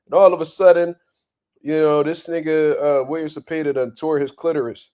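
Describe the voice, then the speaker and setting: A young man hosting boxing talk, ranting bluntly and profanely in a casual, animated way and laughing often. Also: fairly high pitch, fairly quick. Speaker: boxing commentary host.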